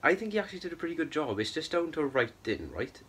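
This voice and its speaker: A man's voice: a little high, sing-song, fast, fairly bright tone, husky. Young man ranting about a film. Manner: exasperated, rambling, keeps tagging "right?" and "bro". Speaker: film reviewer. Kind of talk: ranting film review vlog.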